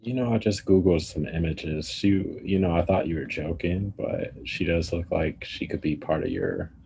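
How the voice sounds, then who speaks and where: A man's voice: low voice, moderate pace, creaky, warm tone, a little hiss or hum. A man drawling in an easygoing way during a casual podcast chat. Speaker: podcast co-host.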